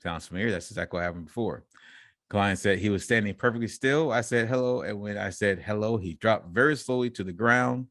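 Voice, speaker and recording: On a laid-back podcast, this co-host reads headlines and stops to joke and laugh about them. His low voice has a fairly bright tone and a brisk pace, sounding close and dry with no room sound.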